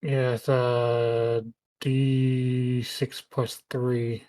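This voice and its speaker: Super slow monotone player, dry sound, kinda halting. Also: mid-range voice, dry recording. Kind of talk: casual tabletop game talk.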